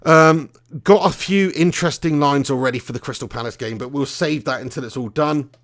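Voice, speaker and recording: A man's voice: on the high side, fairly quick, fairly bright tone. A young man, hosting a casual live stream, chatty and swearing freely, laughing often. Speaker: fan channel host.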